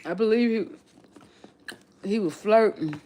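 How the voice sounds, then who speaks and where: A woman with a regional accent talks slowly and unhurriedly in a casual livestream chat. Her voice sits at a middle pitch, and she muses aloud, circling back and restarting her sentences as she thinks. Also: dark tone, slight background noise. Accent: non-local regional accent. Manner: reflective, repeats and restarts phrases. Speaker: livestream host.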